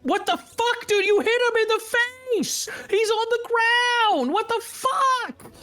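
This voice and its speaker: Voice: slow pace, bright, forceful tone, exaggerated voice. A game master voicing a frantic, foul-mouthed young woman who panics and repeats herself. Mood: panicked. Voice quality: shrill, high and cracking.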